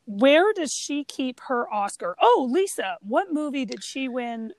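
A woman with a high voice chats about films with a friend, quizzing her and retelling scenes. The sound is dry and close to the mic. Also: big pitch swings, unhurried, dry recording. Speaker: podcast co-host. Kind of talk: casual chat about movies.

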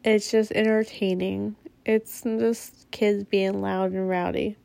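A woman's voice: medium pitch, little pitch movement, takes it slowly, gravelly, mellow, no room sound. A mother telling a personal story in a casual, candid way. She speaks bluntly and swears freely.

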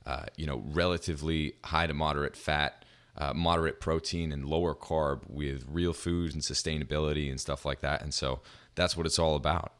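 A man's voice: very deep voice, normal speed, clear, resonant tone. A man in his twenties hosting a podcast interview, chatting casually and laughing often. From New Hampshire, USA. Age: 20s. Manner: laughs often, relaxed and upbeat. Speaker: podcast host.

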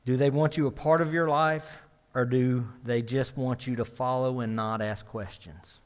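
A middle-aged man preaching as pastor in a church sanctuary talks conversationally, asking the room "right?" and building in intensity as he recounts a story. His voice is mid-range with fairly even intonation at normal speed. Long hall reverb is audible.

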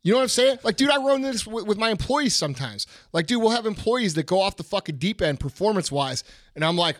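A man's voice: sits high, animated, fast talker, no echo, clean studio sound. A middle-aged man hosting a podcast, ranting bluntly and profanely in casual chat. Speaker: podcast host.

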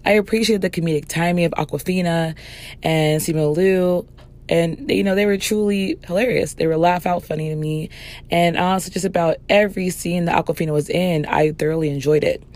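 A woman hosting a podcast movie review, hoarse from losing her voice, chatting casually. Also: lowish voice, steady tone, fairly quick, darkish tone. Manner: chatty, with fillers and restarts. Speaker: podcast host.

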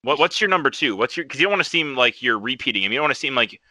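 Young man, podcast host, extremely bright tone, dry close sound, animated storyteller, casual livestream chat. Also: medium pitch, rapid-fire, no room sound. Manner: animated storyteller, laughs often.

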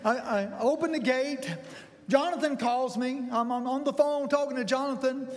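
An older man preaching a sermon, telling a folksy personal story that builds to excited bursts. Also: very high voice, normal speed. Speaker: pastor. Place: church sanctuary. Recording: long reverb in a large hall.

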